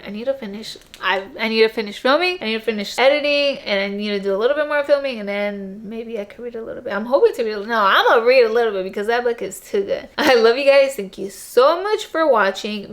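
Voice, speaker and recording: A young woman talks straight to her viewers about the books she loved, gushing and rambling in a loose, chatty way. Her voice sits a little higher than most. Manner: gushing, chatty, full of "like" and "dude". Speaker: book vlogger. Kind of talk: casual chat to camera.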